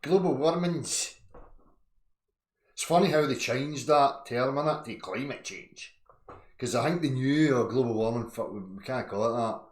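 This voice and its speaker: A Scottish man hosting a livestream, chatting casually and ranting loudly with constant swearing. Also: mid-range voice, a little slow, echoey room. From Scotland. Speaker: livestream host.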